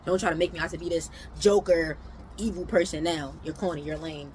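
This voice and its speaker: A young woman from New York telling a casual storytime, animated, with loud outbursts and mumbled asides. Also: low-pitched, brisk, slight background noise, rough recording.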